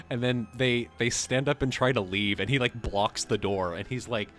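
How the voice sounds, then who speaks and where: Excitable rambling man, live chat. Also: medium pitch, normal speed, hardly any pauses, soft background music. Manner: excitable, rambling, laughs often. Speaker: co-host. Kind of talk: casual livestream chat.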